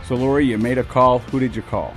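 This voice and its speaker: A man hosting a recovery podcast, calm and supportive as he introduces and questions his guest. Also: mid-range voice, fast talker, over music. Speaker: podcast host. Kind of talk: interview hosting.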